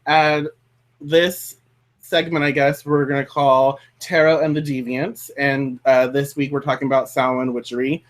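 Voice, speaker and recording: A man's voice: mid-range voice, level tone, a little slow. A man hosting a casual chat, talkative and rambling, drifting off on tangents. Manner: chatty, rambling, goes off on tangents. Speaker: host.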